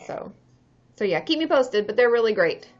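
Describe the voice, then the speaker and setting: A licensed therapist hosts a casual livestream chat, candid and chatty, swearing freely and laughing often. Her voice sits on the high side, animated and darkish in tone, at a moderate pace, over dull lo-fi stream audio.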